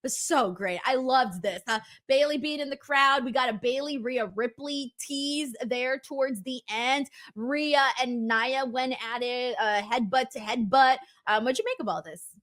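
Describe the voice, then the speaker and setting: A woman's voice: sits high, a little slow, hardly any pauses, fairly bright tone. A woman hosting a casual wrestling review show, reading viewer messages and laughing often. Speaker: host.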